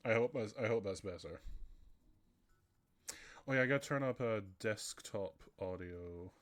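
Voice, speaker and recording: A man's voice: on the low side, unhurried. A young man streaming live from home, chatting casually with viewers in a rambling, chatty way, his nose running. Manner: rambling, chatty, often laughing. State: runny nose. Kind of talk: casual livestream chat. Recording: faint background music.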